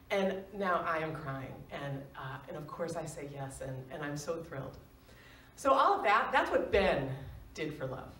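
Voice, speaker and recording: Animated woman telling a story on stage. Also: medium pitch, normal speed. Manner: animated, laughs often, acts out quoted voices. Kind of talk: live storytelling. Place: stage in an arts center. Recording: roomy, distant live stage recording.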